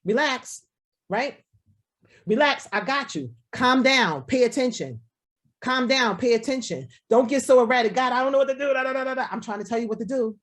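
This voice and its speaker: A woman's voice: fairly high pitch, lively intonation, a little fast. A woman pastor preaching a sermon over a video call, repeating lines and speaking as God in the first person.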